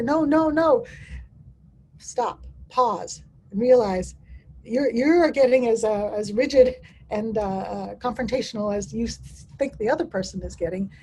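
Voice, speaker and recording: A woman's voice: on the high side, mellow, husky, rough recording. A woman presenting a dementia care training webinar over a video call, often speaking in first person as someone living with dementia, with frequent restarts.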